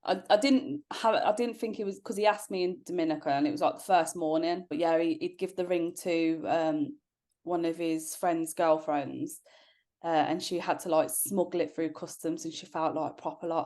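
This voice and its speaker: A woman's voice: on the low side, fairly even intonation, normal speed, darkish tone. Laughing woman telling stories. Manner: chatty storytelling with frequent laughs. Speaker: guest. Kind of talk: casual chat.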